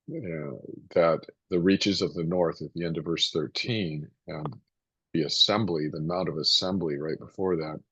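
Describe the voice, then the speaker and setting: A man reading scripture aloud and then explaining it in a loose, hesitant teaching style, clearing his throat now and then. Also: a bass voice, fairly bright tone, dry recording, muffled recording. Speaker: Bible teacher.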